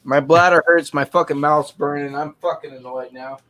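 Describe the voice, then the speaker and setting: Male streamer, everyday voice, profane and laid-back, gentle baby talk with his pet. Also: on the high side, steady tone, moderate pace. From Canada. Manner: profane, talks softly to his dog. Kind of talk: casual chat, swearing a lot.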